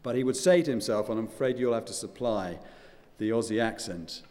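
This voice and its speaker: An older male pastor preaching in a mellow, warm voice. His delivery is earnest and measured, with quiet drops at the ends of phrases. Long church-hall reverb trails every line. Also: lowish voice. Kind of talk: sermon.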